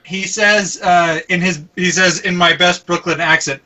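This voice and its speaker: A man co-hosting a casual podcast, reading out a listener's email with halting restarts and frequent laughs. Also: high-pitched, fairly even intonation, pushed and bright, recorded from a distance, poor audio. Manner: halting, laughs often, stumbles over words.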